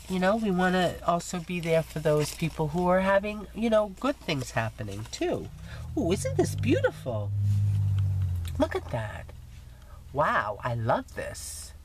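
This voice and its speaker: A woman with a low voice that swings widely in pitch chats through her crafting mail, gushing over each piece and poking fun at herself. She sounds a little under the weather, and a faint hum of the room sits behind her. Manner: chatty, self-teasing, gushing. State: recovering from illness, coughing. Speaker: scrapbooking vlogger. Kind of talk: casual chat showing mail.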